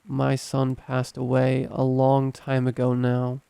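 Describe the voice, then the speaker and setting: Man doing a tearful old man, frail, apologetic, halting, slow, smooth dry voice. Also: medium pitch, monotone, mellow, dry recording. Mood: remorseful. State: choked up, crying.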